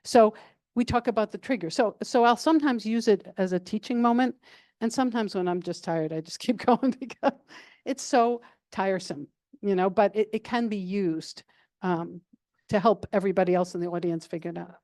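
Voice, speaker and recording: An older retired woman, a guest speaker answering audience questions in a calm, level, chatty way with many fillers. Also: medium pitch, normal speed, no room sound, clean studio sound. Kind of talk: casual Q&A answers.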